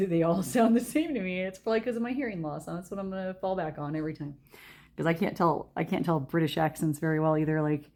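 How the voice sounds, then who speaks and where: A woman reading tarot who chats in a loose, rambling way, full of "like" and quick giggles. Her voice sits a little low for a woman. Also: darkish tone. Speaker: tarot reader. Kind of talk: casual chat during a tarot reading.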